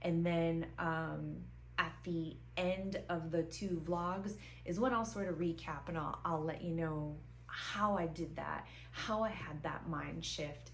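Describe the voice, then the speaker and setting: A woman in her forties speaks to her camera in a relaxed motivational vlog. Her voice sits a little low, and she leans hard on key words, repeating phrases and filling pauses with ums. Faint room hiss hangs behind her. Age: 40s. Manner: emphatic, repeats herself for stress, many ums. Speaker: vlogger. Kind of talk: casual motivational talk to camera. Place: seated indoors in front of the camera.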